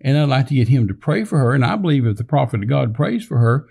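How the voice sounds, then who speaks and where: A man's voice: mid-range voice, lively intonation, quick pace, vocal fry, darkish tone, breathy edge. An older man from Texas, a minister telling a rambling personal story in casual conversation, with many fillers and restarts, acting out the dialogue he quotes.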